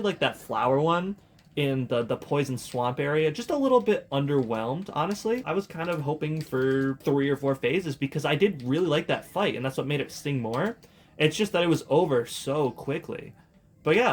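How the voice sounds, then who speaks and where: A young man giving casual, chatty commentary while playing a video game, full of fillers and sudden outbursts. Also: medium pitch. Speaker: gaming video host.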